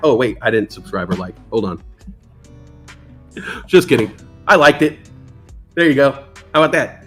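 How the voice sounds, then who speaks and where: A man's voice: medium pitch, sing-song, normal speed, pauses often, a bit bright, breathy edge, soft background music. A man hosting a casual trading livestream, joking around and reading out chat comments. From New York. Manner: playful, jokey, reads chat aloud. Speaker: livestream stock trading host.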